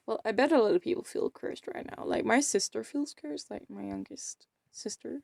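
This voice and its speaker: Girl rambling on her vlog, gravelly, kinda dark mellow voice, dry sound. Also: fairly high pitch, moderate pace, few pauses, no echo. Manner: rambling, self-deprecating, often trails off into mumbles. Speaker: vlogger. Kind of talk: rambling casual vlog chat while playing a game.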